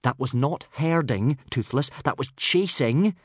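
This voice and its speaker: A man voicing a young Viking boy in a raised, higher voice. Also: animated, normal speed, dry recording, studio quality. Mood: scolding. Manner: raised, scolding voice. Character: boy hero, young Viking lad, earnest.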